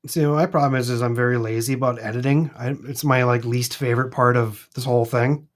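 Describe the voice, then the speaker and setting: A man's voice: medium pitch, fairly quick. Chatty man with a Minnesota accent. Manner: chatty, rambling, animated. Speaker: live stream co-host. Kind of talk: casual chat. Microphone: streaming mic.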